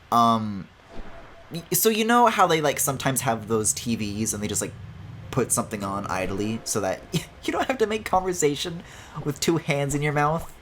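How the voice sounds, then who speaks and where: A man commentates his own gameplay in a lively, rambling way, his voice leaping up and down in pitch as he jokes and tells stories. He swears casually and laughs often. A faint noise floor sits under the voice. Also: moderate pace. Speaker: streamer. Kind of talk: casual let's-play commentary.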